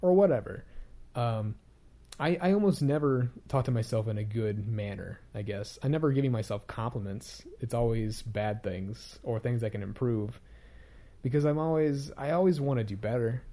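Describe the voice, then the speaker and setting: Mellow-voiced young man musing on camera. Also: medium pitch, normal speed. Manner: rambling, hesitant, many fillers and restarts; candid and self-critical. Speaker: YouTuber. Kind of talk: casual reflective vlog monologue.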